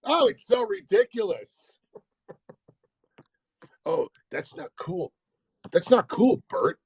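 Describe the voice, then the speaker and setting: A man's voice: high-pitched, wildly swooping pitch, slow pace, creaky, a little mellow, slightly rough, no echo, poor audio. A man hosting a casual livestream, mocking and laughing, sometimes breaking into a sing-song parody chant. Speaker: livestream host.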